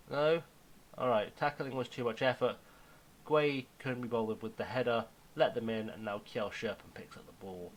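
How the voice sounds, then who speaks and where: A young man giving casual, self-mocking commentary on his football management game, now and then dropping to a hushed aside. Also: mid-range voice, low-quality recording. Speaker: gaming YouTuber.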